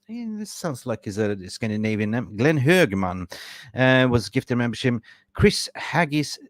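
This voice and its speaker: A man's voice: mid-range voice, big pitch swings, moderate pace, no room sound. A young man hosting a fan podcast livestream, effusively thanking supporters by name and stumbling over names. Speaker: podcast host.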